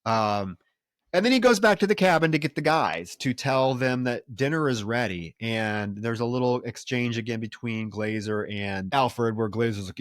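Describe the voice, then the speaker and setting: A man co-hosting a podcast, retelling film scenes in a loose, animated way and swearing freely. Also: mid-range voice, normal speed, dry recording, clean studio sound. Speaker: podcast co-host. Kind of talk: casual film recap chat.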